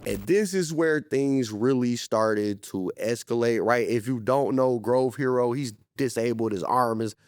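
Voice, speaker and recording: A man's voice: medium pitch, measured pace, few pauses, a little hiss or hum. A man hosting a casual commentary show, narrating in a laid-back, chatty way. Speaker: commentary host.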